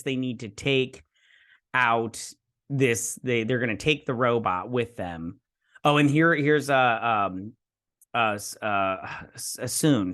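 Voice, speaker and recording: A man's voice: mid-range voice, a bit bright, dry recording, clean studio sound. A man hosting a review show, recapping an episode casually in a rambling way, full of fillers, paraphrasing characters in his own voice.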